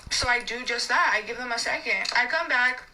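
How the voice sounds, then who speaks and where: Bright-voiced young woman ranting. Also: on the high side, a little fast, slight background noise, rough recording. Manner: animated, swears a lot, full of fillers. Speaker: restaurant server. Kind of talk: ranting storytime clip.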